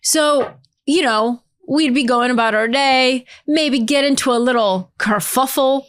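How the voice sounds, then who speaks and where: A playful woman chatting casually, her voice a little higher than most women's. She laughs often and talks in loose, chatty asides. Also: unhurried, fairly bright tone. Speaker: author's wife and editor. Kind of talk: casual chat.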